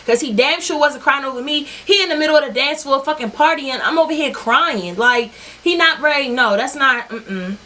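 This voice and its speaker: A young woman telling a story to her viewers in an animated, profane, talk-straight-to-you way. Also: sits high, a little fast. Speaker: vlogger. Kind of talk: storytime vlog.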